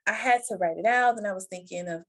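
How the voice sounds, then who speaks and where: A woman guest on a podcast telling a personal story in conversation, lively, acting out the voices of others and laughing often. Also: quick pace. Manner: animated, acts out quoted voices with big pitch jumps.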